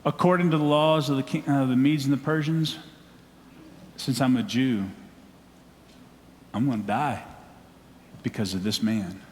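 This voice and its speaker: A man's voice: medium pitch, measured pace, long pauses, darkish tone, slight background noise, lightly acted. A preacher speaking as a young queen, earnestly pleading with a king to spare her people. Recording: long church hall echo.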